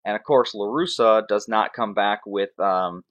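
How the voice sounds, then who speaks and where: A man's voice: lowish voice, unhurried, fairly bright tone. A man hosting a fantasy sports show, ranting sarcastically in casual sports commentary.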